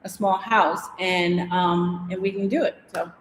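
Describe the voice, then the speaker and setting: A woman's voice: on the low side, fairly even intonation, unhurried, a little hiss or hum. A woman hosting a casual livestream from her house, rambling chattily and reading viewer comments aloud. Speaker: DIY and design vlogger. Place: house interior in Mexico. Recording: echoey room with long reverb.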